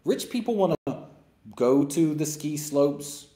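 A man's voice: fairly high pitch, animated, unhurried, warm tone. A man hosting a live stream, talking bluntly and emphatically in a mocking, opinionated monologue. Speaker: livestream host. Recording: roomy echo.

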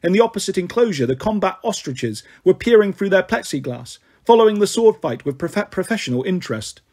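A man narrating an audiobook with wry, dramatic flair. His voice is high-pitched and husky, with a breathy rasp. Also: very animated, brisk, darkish tone. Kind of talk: first-person story reading.

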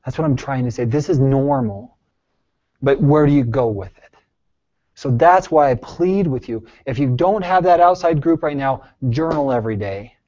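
A male therapist leading a support group, talking earnestly and reassuringly, moving between soft, hushed phrases and emphatic bursts and asking the group many questions. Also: mid-range voice. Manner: pleading, reassuring, asks the group frequent questions. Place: group session room. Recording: dull lo-fi recording.

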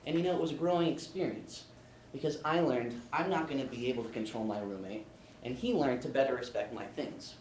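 A man's voice: medium pitch, a little fast, a little mellow, a little hiss or hum. A young man giving a classroom speech, telling a humorous personal anecdote. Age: young adult. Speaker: student speaker. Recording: roomy sound from a distant camera.

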